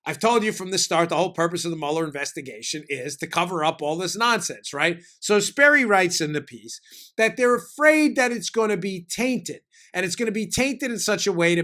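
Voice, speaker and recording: A fired-up man running his own political talk show, bright and high-pitched. He tears through his points in a rapid, jokey and sarcastic way. He keeps firing off questions and answering them himself. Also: animated. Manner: mock questions and quick self-answers.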